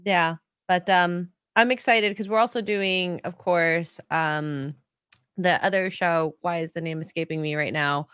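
A woman's voice: lowish voice, steady tone, unhurried, a bit bright, clean tone, dry recording, clean studio sound. A woman producer chatting casually and upbeat on a live stream. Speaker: show producer.

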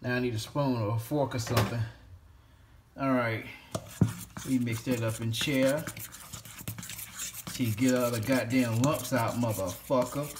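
A man's voice: mid-range voice, measured pace, long pauses, noisy background. A man in a casual cooking vlog, cursing freely and rambling while he talks to a toy. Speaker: home cook vlogger.

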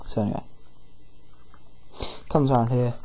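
A man commentating casually over a game, paraphrasing characters in quick throwaway voices. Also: mid-range voice, fairly even intonation, mellow, rough recording. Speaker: gameplay commentator. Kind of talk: casual let's-play commentary.

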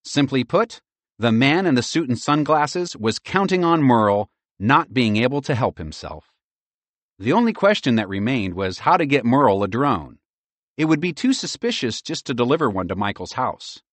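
A man narrating a children's audiobook with lively, expressive storytelling. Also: medium pitch, normal speed, dry recording.

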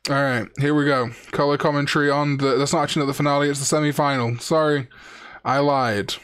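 Young man, streamer, casual jokey chat, slightly high voice. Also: steady tone, fast, fairly bright tone, clear, resonant tone. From Wales. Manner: chatty, jokey, reads chat aloud. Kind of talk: casual live-stream commentary.

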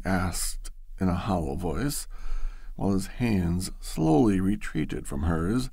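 A man narrating a classic story in an expressive, storytelling manner. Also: sits low, slow, gravelly, husky, no room sound.

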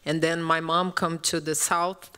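A Brazilian woman, a native Portuguese speaker, answers on a panel in English. She speaks very slowly and haltingly, searching for her words. Her voice is smooth and a little low. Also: level tone, pushed and bright.

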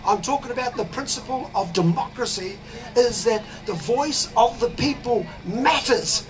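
A man with a New Zealand accent giving a fiery, preachy speech at an outdoor protest, shouting slogans. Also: very high voice. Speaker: rally speaker. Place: outdoors at a city demonstration. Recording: crowd and traffic noise outdoors.

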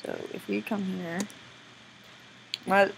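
A young woman giving casual gameplay commentary, excitable and squealing now and then, often breaking into silly voices. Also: lowish voice, normal speed, a little hiss or hum, poor audio. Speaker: gameplay video maker.

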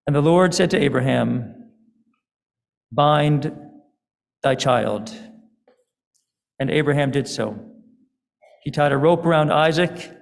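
A man, a rabbi, giving a sermon in a synagogue, telling a story in a deliberate, dramatic way. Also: fairly high pitch, creaky. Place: synagogue sanctuary. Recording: long hall reverb.

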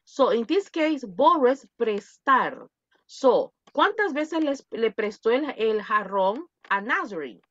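Lively woman teacher drilling pronunciation. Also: fairly high pitch, a little slow, dry recording, muffled recording. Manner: drills pronunciation, switches between English and Spanish. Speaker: English teacher. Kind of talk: online English lesson for Spanish speakers.

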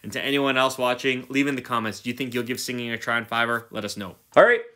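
A man's voice: medium pitch, fast, pushed and bright. A male host giving casual, enthusiastic commentary while reviewing. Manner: enthusiastic, chatty, reads text aloud.

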